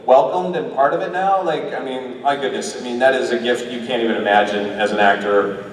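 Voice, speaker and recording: A man on a convention panel, an actor talking about his work in casual, animated, rambling chat full of restarts. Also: mid-range voice, a little fast, slight background noise. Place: large convention hall with audience. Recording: echoey hall recorded from far off.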